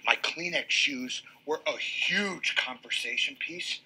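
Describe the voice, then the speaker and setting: An actor playing a slow, contented male office worker in a TV comedy clip, speaking in a slow drawl. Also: a little high, sharp tone, slightly rough, full character voice, rough recording.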